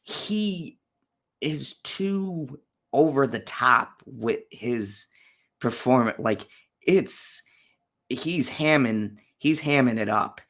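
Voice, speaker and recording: A man's voice: mid-range voice, a bit bright. A man hosting a casual livestream, reviewing horror movies with blunt, profane ranting and chatting with viewers. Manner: talks to live chat viewers. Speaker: channel host.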